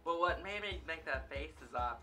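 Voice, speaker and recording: A man's voice: a little high, expressive, normal speed, sharp tone, faint music behind. A young man hosting a food dare vlog, chatting in a rambling, self-conscious way and tripping over his words. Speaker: dare-challenge vlogger. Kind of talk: casual food-challenge vlog. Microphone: camera facing him.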